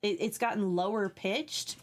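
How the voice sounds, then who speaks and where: Brief: youthful-voiced Texan woman streamer, casual and profane, chatting with her viewers. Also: mid-range voice. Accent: Texan Southern. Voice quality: youthful-sounding voice. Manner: candid and profane, with quick asides. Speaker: livestreamer.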